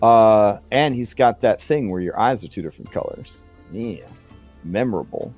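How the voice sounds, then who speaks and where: A man's voice: on the low side, expressive, moderate pace, darkish tone, faint music behind. A man running a tabletop game as game master, narrating in a chatty way full of fillers and jokey asides.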